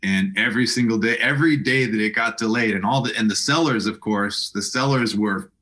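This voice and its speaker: A man's voice: fairly low pitch, a little fast, bright, forceful tone. A middle-aged man talking as an interview guest, often restarting and repeating words as he tells his story. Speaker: guest, apartment broker. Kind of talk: casual interview conversation.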